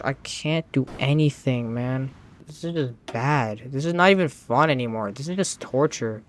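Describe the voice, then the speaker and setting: A man's voice: mid-range voice, noisy background. Exasperated man pleading through a game. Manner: exasperated, pleading, swearing often. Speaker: gaming channel host. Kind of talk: let's-play commentary.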